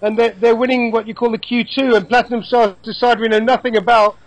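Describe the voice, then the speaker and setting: A man in his fifties from England, chatting about football over a video call, opinionated and quick with asides. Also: very high voice, flat delivery, no room sound, rough recording. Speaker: football commentator guest.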